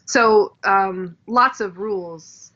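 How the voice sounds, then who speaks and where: Bright-voiced woman in lo-fi chat. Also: medium pitch, extremely slow. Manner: animated, demonstrates dialect sounds, laughs often. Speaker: guest, actress and dialect coach. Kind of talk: casual podcast chat.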